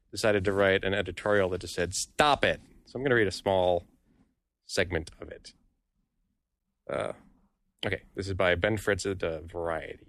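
A man's voice: deep voice, a bit bright. A man co-hosting a casual podcast, chatting and reading quotes aloud. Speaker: podcast co-host.

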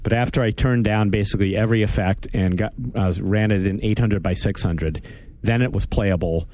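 Man, podcast host, low voice, casual rambling chat, wry. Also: brisk, a little mellow, no echo. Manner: rambling, self-interrupting, wry.

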